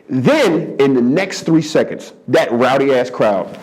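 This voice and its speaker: A man from the Philadelphia area, around forty, a stand-up comedian telling a story in an interview in a lit studio. He repeats words for emphasis and keeps the telling lively and animated. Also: unhurried. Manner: animated, repeats for emphasis, jumps into high-pitched voices for quoted people. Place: studio under hot lights.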